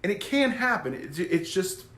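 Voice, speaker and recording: A man who works as a psychic medium, explaining his work to camera in a goofy, animated way. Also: sits high, moderate pace, reverberant. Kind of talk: casual talk to camera.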